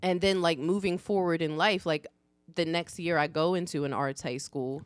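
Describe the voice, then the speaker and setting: A woman from New Jersey co-hosting a podcast, telling stories in a casual, animated way with frequent laughter and acted-out quotes. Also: lowish voice, moderate pace, clean tone, no room sound. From United States (New Jersey). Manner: animated storyteller who laughs often and acts out quoted voices. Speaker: podcast co-host. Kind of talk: casual chat.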